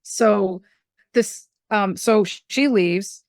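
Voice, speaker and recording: A middle-aged woman, a medium and spiritual teacher, telling stories in a casual, animated way and acting out the voices she quotes. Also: medium pitch, extremely slow, no room sound, studio quality. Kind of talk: casual storytelling conversation.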